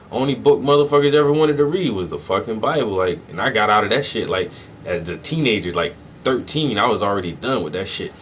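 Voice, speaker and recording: A low-voiced man with a drawl rants casually to the camera, swearing freely and tossing in "yo" and "bruh". His talk is loose and excitable, with a faint hum of noise in the background. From South Carolina, US. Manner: profane, excitable, peppered with "yo" and "bruh". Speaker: host. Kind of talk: casual monologue.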